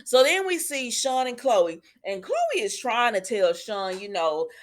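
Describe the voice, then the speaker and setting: A woman's voice: on the high side, lively intonation, a little slow. A woman chatting casually to her viewers as she recaps a soap episode, retelling scenes and calling them y'all. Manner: retells scenes, quoting characters. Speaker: soap opera reviewer.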